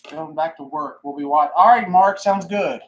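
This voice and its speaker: In this poor-quality audio, a man with a voice on the high side hosts a live stream. Slightly out of breath, he chats casually with viewers, greets them by name, and laughs often.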